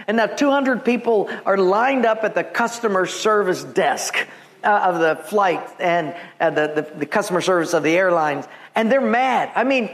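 A man's voice: high voice, normal speed. A male pastor preaching a sermon, telling stories with humor and acting out the people in them. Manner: storytelling with humor and acted quotes.

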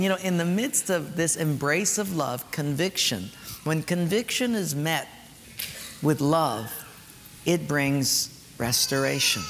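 Preacher in an echoey hall. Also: male voice, a little high, fairly bright tone. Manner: storytelling, emphatic, preachy asides. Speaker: pastor. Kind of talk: sermon. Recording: echoey hall, faint noise.

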